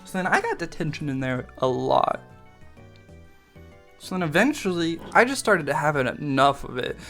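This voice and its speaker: A man's voice: on the high side, very animated, normal speed, fairly bright tone, faint music behind. A young man telling a story from his school days in a casual, rambling way, swearing freely, mocking himself and laughing often.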